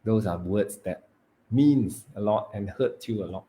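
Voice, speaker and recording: A man, training students in public speaking, who swings between loud emphasis and hushed delivery and stretches words for effect. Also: on the low side, unhurried, slight background noise. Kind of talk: live training talk.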